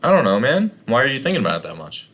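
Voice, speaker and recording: A young man in his twenties, a podcast co-host, talking in a deadpan, patient way on a video call. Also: mid-range voice, racing. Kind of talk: casual chat.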